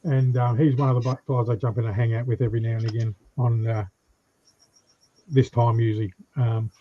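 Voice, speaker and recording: A man talks fast and chattily, telling a short story on a livestream. His sound is dull and lo-fi, with crickets chirping behind. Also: mid-range voice, little pitch movement. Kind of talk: casual chat.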